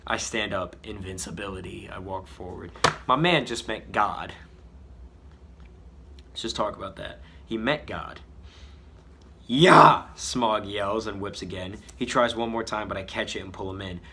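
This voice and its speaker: A man's voice: on the low side, normal speed, gravelly, pushed and bright, slight background noise. A man reading a story he wrote as a child, joking about the spelling and the drawings as he goes. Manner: mocking his own old writing. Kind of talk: comedic read-aloud with commentary.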